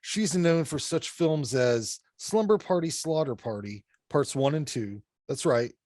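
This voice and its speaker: A man co-hosting a podcast, talking bluntly and ranting with plenty of swearing and quick laughs. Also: on the high side, animated, darkish tone, dry recording, studio quality. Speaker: podcast co-host reviewing horror films. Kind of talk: casual profane chat.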